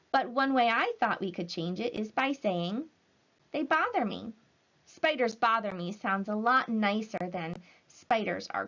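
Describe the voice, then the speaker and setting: A woman teacher giving a recorded language lesson to children, speaking slowly and clearly in an encouraging way. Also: mid-range voice, fairly bright tone. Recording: slightly dull lo-fi audio.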